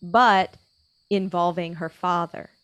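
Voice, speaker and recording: A woman's voice: on the low side, steady tone, takes it slowly, smooth, no echo. A woman talking earnestly as a podcast guest in a casual faith conversation, with frequent filler words.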